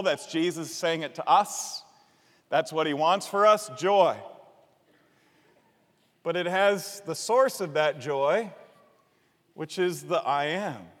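A man preaching a sermon, teaching from slides in an animated way and getting the congregation to repeat words after him. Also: a little high, slow pace, pauses often, big-room sound. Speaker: pastor.

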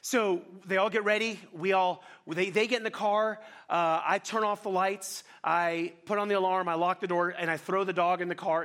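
High-voiced fast-talking male pastor. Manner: fast-talking, animated, self-deprecating storytelling. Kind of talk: sermon.

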